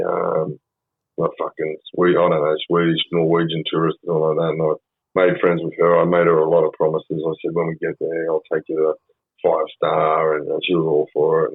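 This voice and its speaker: On a casual storytelling podcast, a husky, deep-voiced Australian guest in his fifties rambles profanely, filling gaps with frequent ums. The recording is dry and close with no room around it, and it has a band-limited, phone-like quality.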